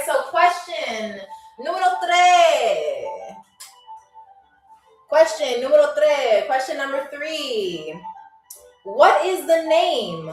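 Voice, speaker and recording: A woman hosting a livestreamed trivia game show, chatty and upbeat, reading out viewers' comments and answers. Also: high voice. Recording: roomy echo, heard from a distance.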